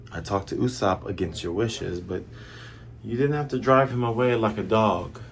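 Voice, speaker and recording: A man voicing a frail, sick young woman who pleads in a raised voice and sulks quietly. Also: on the high side, a little slow, slight background noise, voice pushed up, close to an everyday voice. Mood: sulky.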